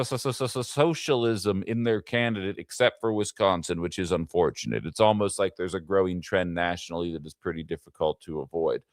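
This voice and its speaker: A man's voice: fairly low pitch, a bit bright, clear, resonant tone, no echo, studio quality. A man hosting a casual political livestream, talking in a rambling way with fillers and asides to his chat. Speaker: livestream political show host.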